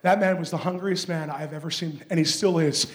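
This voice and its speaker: High-voiced man preaching a sermon. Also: fairly even intonation, brisk. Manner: earnest storytelling preaching, rising to shouts.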